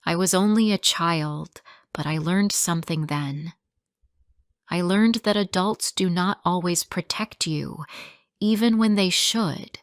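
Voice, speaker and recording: A woman narrating a sad story in a slow, clear, deliberate reading for English learners. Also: fairly low pitch, no room sound, studio quality.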